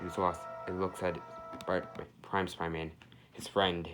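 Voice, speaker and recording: A man casually narrating a fan-made story in an excitable, rambling way that often restarts. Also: low voice, measured pace. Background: background music.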